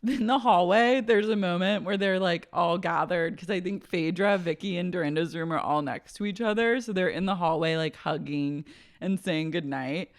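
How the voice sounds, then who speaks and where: A woman co-hosting a podcast, chatting casually and wryly about a reality show. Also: lowish voice. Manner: quick and wry, acts out quotes. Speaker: podcast co-host. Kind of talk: casual chat recapping reality TV.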